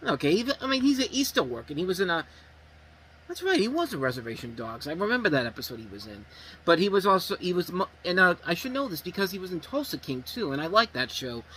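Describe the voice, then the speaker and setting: A man's voice: on the high side, pushed and bright, slight background noise, rough recording. A man reviewing movies in a casual, rambling and blunt way, swearing freely.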